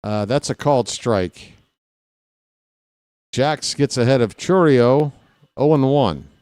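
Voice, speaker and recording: A man's voice: mid-range voice, slow pace, darkish tone, no echo, clean studio sound. A man calling baseball play-by-play for his stream, with casual, self-deprecating asides to viewers.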